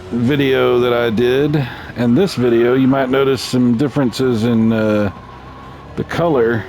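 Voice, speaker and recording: A man hosting a casual let's-play video, chatting through a racing game in a relaxed, self-mocking way. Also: medium pitch. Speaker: gaming channel host.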